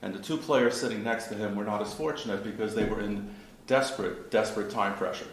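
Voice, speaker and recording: A man hosting a club reception, telling a relaxed anecdote before welcoming a guest. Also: lowish voice, fairly quick, slight background noise. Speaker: club host introducing guest. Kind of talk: speech. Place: chess club reception room. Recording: echoey room, faint ambience.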